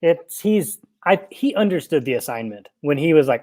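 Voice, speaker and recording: A man's voice: on the high side, very animated, moderate pace, darkish tone. A young man co-hosting a casual podcast, retelling film scenes with quoted bits and frequent laughs. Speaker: podcast co-host.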